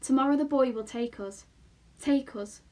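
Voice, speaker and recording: Woman doing a tiny, breathless excited girl. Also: sits high, normal speed, pitched above the performer's own voice, close to an everyday voice. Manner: breathless, chanting, tearful excitement.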